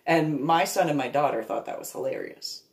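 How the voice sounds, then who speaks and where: A woman who is a reverend and author tells family stories casually and meanderingly, laughing often, in a deep, darkish voice with lively intonation and a fairly quick pace. When quoting herself talking to her dog, she slips into baby-talk. The room sounds echoey.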